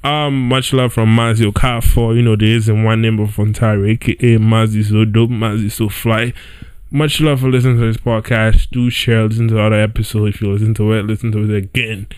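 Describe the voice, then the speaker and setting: A man's voice: on the low side, flat delivery, a little fast, a little mellow, clear, resonant tone, dry recording. A young man hosting a podcast, telling a story in a loose, chatty way, often checking in with "right?" and "yo". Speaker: podcast host. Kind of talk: casual storytelling monologue. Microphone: home setup with squeaky chair.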